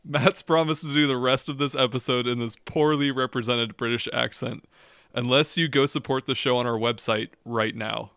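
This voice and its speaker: A man's voice: medium pitch, fairly even intonation, moderate pace, gravelly, fairly bright tone, smooth, dry recording, clean studio sound. A male podcast co-host who chats casually, asks questions and cracks quips, and who also reads the show's promos.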